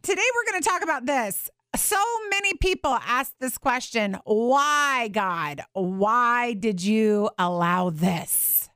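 Woman, faith radio host, chatty and animated, smooth clear voice, dry studio sound. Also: a little high, no room sound. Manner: chatty, animated, laughs often. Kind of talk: casual faith talk.

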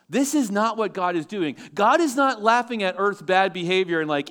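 Male pastor, sermon delivery, higher-pitched voice, animated, shifts between loud and soft. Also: a little fast, hardly any pauses. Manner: animated preaching, swings between loud and hushed.

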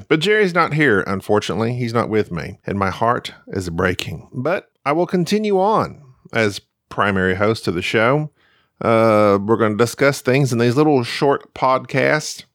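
A man hosting a comedic podcast solo, joking and mocking himself in a deadpan way. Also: mid-range voice, no room sound, studio quality. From United States. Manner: jokey, deadpan self-mocking. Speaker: podcast host.

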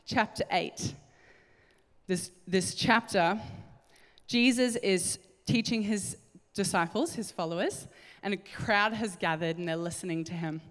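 A woman preaching a sermon, telling a Bible story in an animated way and acting out the voices. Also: mid-range voice, a little slow. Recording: hall reverb.

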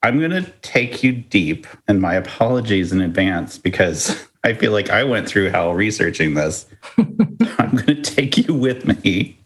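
A man co-hosting a casual podcast, speaking with a lowish voice that swings widely in pitch. He tells stories in a playful way and chuckles often. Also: a little slow. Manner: playful, lively storytelling with chuckles. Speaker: podcast co-host.

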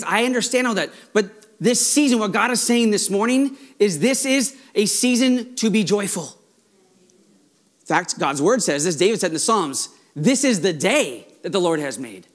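A male pastor delivering a Sunday sermon, with a light, high-pitched voice. He gets excited and rushes ahead, restarting phrases as he goes. His delivery is informal and earnest. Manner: excitable, talks fast when excited, frequent restarts.

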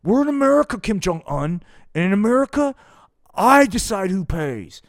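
A man's voice: sits high, big pitch swings, moderate pace, creaky, no room sound, studio quality, voice pushed up, exaggerated voice. A man voicing a blustering old male president caricature in a live puppet show. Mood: defiant. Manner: shouting, boastful puppet-show bravado.

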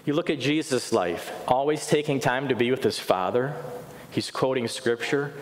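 A man's voice: mid-range voice, lively intonation, moderate pace. A middle-aged man preaching a sermon in earnest, often putting questions to his congregation. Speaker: pastor. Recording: echoey hall with faint noise.

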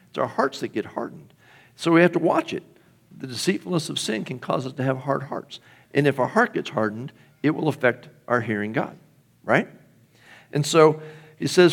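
A middle-aged man preaches to his congregation in an easy, talking manner, stopping often to put questions to them. His voice sits at a moderate pitch for a man. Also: lively intonation, moderate pace, creaky, pauses often. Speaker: pastor. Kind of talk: sermon.

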